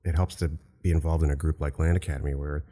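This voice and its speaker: A man hosting a business podcast, chatting in a relaxed, encouraging way with light jokes. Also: rumbling low, fast, long reverb tail. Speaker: podcast host. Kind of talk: casual chat.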